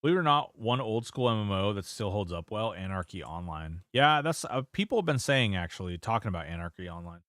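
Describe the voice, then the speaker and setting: A man's voice: on the low side, big pitch swings, a little fast, hardly any pauses, a bit bright, no echo, studio quality. A man streaming a game, chatting casually, reading chat aloud and swearing now and then. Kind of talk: casual gameplay commentary.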